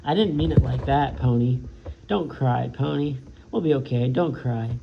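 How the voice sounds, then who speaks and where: A man voicing a scared, gentle teenage boy from a gang in a read-aloud novel, with a plain delivery and small slips. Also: medium pitch, normal speed, vocal fry, natural voice. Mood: consoling. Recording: dull lo-fi sound with faint background noise.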